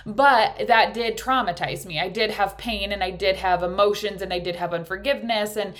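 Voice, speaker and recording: A woman in her thirties speaks in a candid, earnest way and drops the odd swear word into a casual spiritual chat. Her voice sits at a middling pitch. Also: normal speed, a bit bright. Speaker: podcast host.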